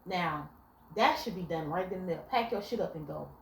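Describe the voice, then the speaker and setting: A woman's voice: fairly low pitch, moderate pace, creaky, slight background noise. A young woman giving blunt relationship advice in a casual vlog, telling stories animatedly and cursing freely. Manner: blunt, animated storytelling with profanity. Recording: echoey room with faint ambience.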